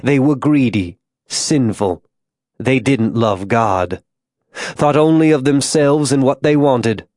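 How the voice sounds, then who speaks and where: Tormented frontier zealot, soft-spoken and fervent, read by a male narrator; dry, close audiobook voice. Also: mid-range voice, expressive, takes it slowly, dry recording. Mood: preaching. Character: grown man, tormented religious zealot, gentle to a child.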